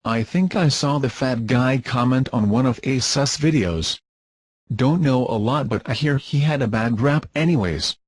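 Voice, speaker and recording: A man's voice: medium pitch, lively intonation, normal speed, husky, no room sound. A man reading scornful, dismissive commentary in formal wording. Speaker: commentator being rebutted. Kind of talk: scripted insult commentary.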